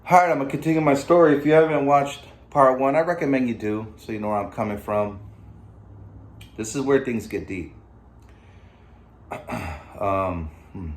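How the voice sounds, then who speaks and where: A middle-aged man hosting his own vlog, telling a personal story in a loose, conversational way with many fillers and asides. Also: low voice. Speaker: vlog host. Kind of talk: casual storytelling to camera.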